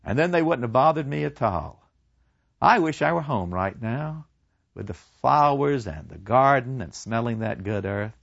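A man's voice: medium pitch, lively intonation, moderate pace, creaky, fairly bright tone, no room sound, dull audio. A man voicing a plain-spoken older farmer soldier with a folksy drawl.

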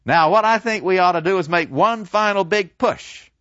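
A male lecturer retelling a story in an animated way, acting out the people in it. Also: high-pitched, normal speed, no echo. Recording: dull lo-fi dry recording.

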